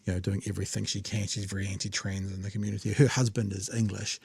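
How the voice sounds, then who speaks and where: A man with a New Zealand accent hosting a casual political chat show, blunt, sarcastic and quick to swear. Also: fairly low pitch, flat delivery, gravelly, darkish tone, breathy edge, no echo. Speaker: podcast host.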